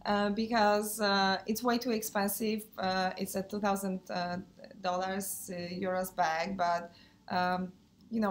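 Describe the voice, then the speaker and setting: A woman speaking English in a casual handbag review vlog. She has a cold, so her voice sounds under the weather. She talks in a hesitant, friendly way, and her sentences are dotted with pauses and fillers. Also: mid-range voice. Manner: hesitant, many fillers, non-native phrasing. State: sick, voice affected. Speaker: handbag vlogger.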